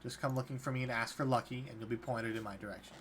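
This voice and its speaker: A man's voice: mid-range voice, fairly even intonation, quick pace, a bit bright, slight background noise, pitched below the performer's own voice, natural voice. A man voicing a polite, hesitant male prisoner who acts as an official, stumbling over his words in a tabletop game.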